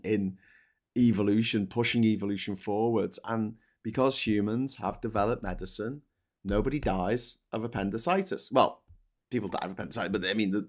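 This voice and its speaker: Sweary British man, lowish voice. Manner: blunt, sweary, rambling with restarts. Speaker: co-host reading viewer comments. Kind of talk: casual live-stream chat.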